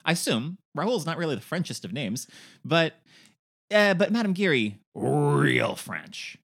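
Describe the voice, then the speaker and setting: A woman's voice: low-pitched, sing-song, a little slow, vocal fry, slightly rough. A woman co-hosting a podcast, recapping a film in casual, playful chat and slipping into silly voices. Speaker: podcast co-host.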